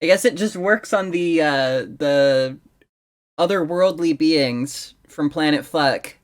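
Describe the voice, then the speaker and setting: A woman's voice: low voice, slow pace. A woman co-hosting a film podcast, speaking casually with hesitant, hedging phrasing that trails off.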